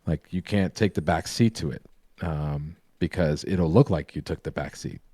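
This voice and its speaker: Deep-voiced man explaining art, rambling. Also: normal speed, warm tone, slightly rough, dry recording, studio quality. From New York. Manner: rambling, self-correcting explainer. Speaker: co-host, painter and drawing teacher. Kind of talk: casual live-stream chat.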